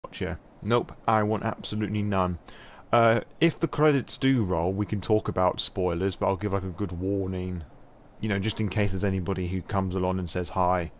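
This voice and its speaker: A man's voice: low-pitched, fairly even intonation, normal speed, slight background noise. A man hosting a live stream, chatting casually, swearing freely and laughing often.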